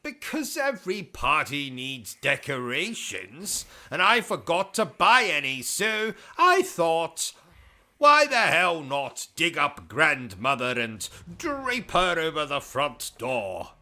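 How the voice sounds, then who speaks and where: A British man hosting a gaming livestream, ranting in a pompous, insulting comic persona with deadpan dark humor. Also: fairly high pitch, slow pace. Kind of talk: comic in-character rant.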